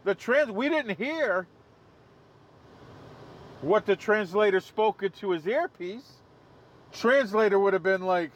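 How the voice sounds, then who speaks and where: Joking livestream host, higher-pitched man. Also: expressive, slow, long pauses, a little hiss or hum. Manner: joking, laughs at own jokes. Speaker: live stream host. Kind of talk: casual livestream commentary. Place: outdoors.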